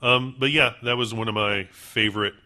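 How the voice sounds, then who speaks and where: A man's voice: mid-range voice, steady tone, normal speed, sharp tone. A man co-hosting a casual podcast chat, enthusiastic and full of fillers. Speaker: podcast co-host.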